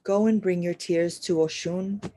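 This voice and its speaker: A woman giving a live horoscope and spiritual reading to an audio chat room, blunt and profane, swinging from loud urging to soft murmurs, with repetitive chant-like phrasing. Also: fairly low pitch, fairly even intonation, unhurried, a little hiss or hum. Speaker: astrology and spiritual reader.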